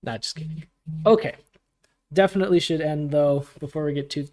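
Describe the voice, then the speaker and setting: A man hosting a community livestream Q&A, casual and relaxed, laughing often as he answers questions from chat. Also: on the high side, fairly quick. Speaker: community AMA host.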